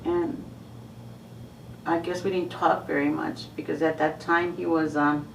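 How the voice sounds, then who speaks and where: A woman's voice: low voice, level tone, unhurried, vocal fry. A woman hesitantly recalling hearing sad news in a documentary interview. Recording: roomy distant mic with faint hiss.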